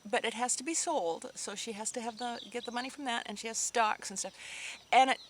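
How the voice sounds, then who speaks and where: A woman's voice: on the high side, a little fast, a little hiss or hum. A sad, subdued woman vlogger chatting casually to her viewers, rambling and emotional, with sighs and restarts. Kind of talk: casual chat to camera.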